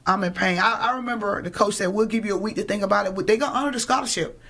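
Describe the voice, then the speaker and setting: A woman's voice: medium pitch, racing, fairly bright tone, husky. A young woman telling a faith story as a talk show guest, repeating words as she goes. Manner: storytelling, repeats words, Southern church cadence. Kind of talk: faith talk, personal testimony.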